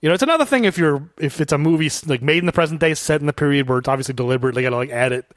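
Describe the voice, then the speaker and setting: Brief: high, lively male co-host, dry close sound, chatty film critic. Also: racing, no echo. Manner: animated, mimics characters, frequent laughs and fillers. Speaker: podcast co-host. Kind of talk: casual movie review chat.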